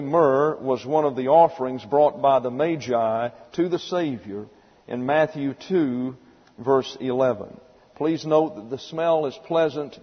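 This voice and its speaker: A man's voice: medium pitch, slightly rough. A man giving a Bible teaching sermon in a folksy storytelling manner, spelling out words as he explains. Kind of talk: sermon lecture. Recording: dull lo-fi recording with long hall reverb.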